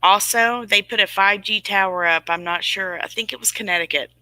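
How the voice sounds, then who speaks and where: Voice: medium pitch, a little fast, pushed and bright, no echo, poor audio. A host in their forties giving a rambling, emphatic livestream talk and answering viewers' chat comments through a webcam or phone mic. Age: 40s.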